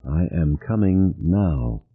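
A man voicing a cold alien intelligence that speaks through a screen, slow and flat in a low, husky voice. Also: full character voice. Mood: menacing. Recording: tinny lo-fi recording.

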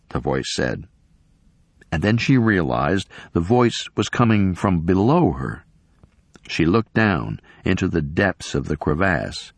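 A man reading a story aloud in measured scripted narration. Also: sits low, very animated, husky, no room sound. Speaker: audiobook narrator.

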